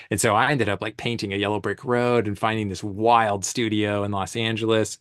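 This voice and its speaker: Male photographer guest, animated casual storyteller, low pitch, dry close sound. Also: a little fast, few pauses, no room sound. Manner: animated, laughing, slangy storyteller. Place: event space on stage.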